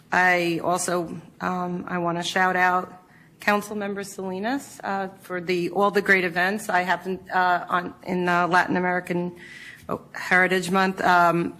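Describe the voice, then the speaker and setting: A woman serving as deputy mayor speaks at a council meeting with a bright, clear voice. Her remarks are heartfelt and emotional, drifting from topic to topic. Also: fairly low pitch, low-quality recording. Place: council chamber.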